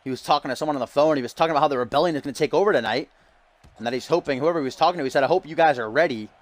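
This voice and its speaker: Excitable higher-voiced male wrestling commentator. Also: low-quality recording. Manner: dramatic hype, drawn-out rhetorical questions. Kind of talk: play-by-play commentary.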